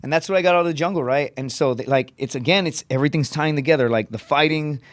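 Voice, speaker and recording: A man's voice: on the high side, fast, no echo. A man, a comedian guest, telling stories in casual podcast chat with lots of swearing and energy. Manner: profane, energetic storytelling.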